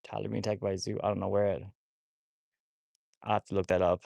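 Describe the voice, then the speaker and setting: A man's voice: fairly low pitch, little pitch movement, quick pace, creaky, darkish tone, dry recording. A man chatting casually on a phone livestream about his wolfdogs. He rambles, repeats himself and talks to viewers as y'all.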